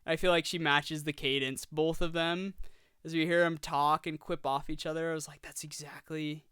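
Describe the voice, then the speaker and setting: A young man in his twenties co-hosting a podcast, chatting excitedly about a film and rambling through his points. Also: on the high side, normal speed, clear, resonant tone, no room sound, studio quality. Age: 20s. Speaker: podcast co-host. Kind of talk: casual film review chat.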